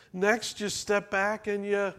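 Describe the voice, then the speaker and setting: A man's voice: sits high, fairly bright tone, smooth. A man preaching a sermon in a church, talking conversationally and asking the congregation questions. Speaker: pastor.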